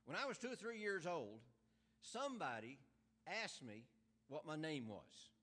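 A preacher in his sixties with a high, bright voice that swings widely in pitch. He talks to the congregation like a neighbor, then presses harder and louder as the point builds. Scripture comes out slow and measured. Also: sing-song. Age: 60s. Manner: conversational preaching that builds into fervent emphasis; reads scripture slowly and deliberately. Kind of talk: sermon. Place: church.

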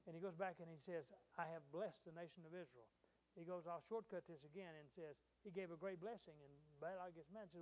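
A man's voice: fairly high pitch, fast talker, a little mellow, poor audio. A man preaching a sermon, retelling a scripture story in a conversational way with frequent fillers and restarts.

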